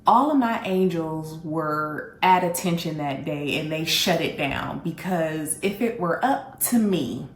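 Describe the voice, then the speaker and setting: A woman hosting a candid storytelling vlog, telling her story in an animated, blunt way and speaking straight to her audience. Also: low-pitched, a little slow, hardly any pauses, reverberant. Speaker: vlog host.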